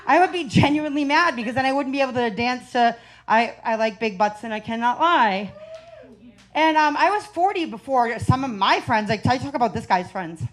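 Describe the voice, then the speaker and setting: A woman's voice: on the high side, lively intonation, moderate pace. A woman doing a stand-up comedy set on a club stage into a handheld mic. She is brash and profane, and she laughs through her lines. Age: 40s.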